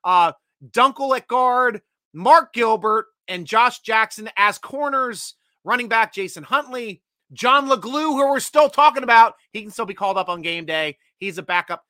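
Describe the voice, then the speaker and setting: A man's voice: very high-pitched, moderate pace, no room sound. A man hosting a casual sports fan livestream, chatting energetically and reading out viewer comments. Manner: energetic, chatty, bursts of loud excitement.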